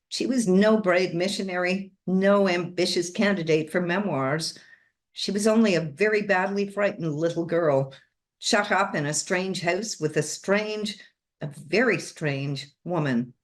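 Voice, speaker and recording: A woman reading a chapter of a novel aloud, with steady, expressive storytelling. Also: lowish voice. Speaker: reader.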